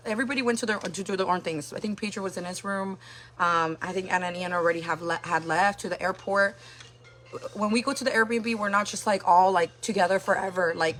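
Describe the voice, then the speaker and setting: A woman's voice: medium pitch, fairly bright tone, a little hiss or hum. A woman hosting a livestream, telling a personal story in a casual, rambling way full of filler words.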